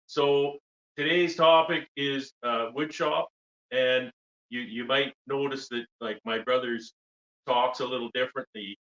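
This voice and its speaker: A man's voice: medium pitch, steady tone, measured pace, fairly bright tone, echoey room, lo-fi sound. A man hosting a beekeeping live stream from a wood shop, rambling in jokey banter. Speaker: host, beekeeper.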